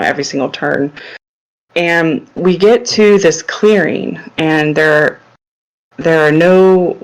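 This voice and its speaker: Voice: medium pitch, low-quality recording. An adult on a podcast casually recounting a vivid dream, retelling their own thoughts aloud with lots of likes. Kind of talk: casual storytelling.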